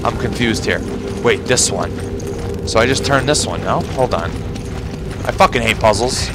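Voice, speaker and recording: A man's voice: mid-range voice, animated, normal speed. A man commentating his own gameplay, swearing and sarcastic, muttering to himself through puzzles. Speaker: gamer. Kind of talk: profane let's play commentary. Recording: game music behind. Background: game music.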